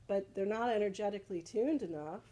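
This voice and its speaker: A spiritual teacher leads a casual salon discussion, explaining things patiently and often checking in with "right?". She speaks fairly quickly in a mellow, mid-range voice, and the audio is poor.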